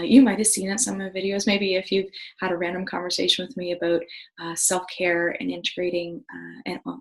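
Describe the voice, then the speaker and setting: A woman's voice: fairly low pitch, gravelly, low-quality recording. A middle-aged woman hosting a wellness video, talking earnestly and with enthusiasm, with many fillers and restarts. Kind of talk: casual talk to camera.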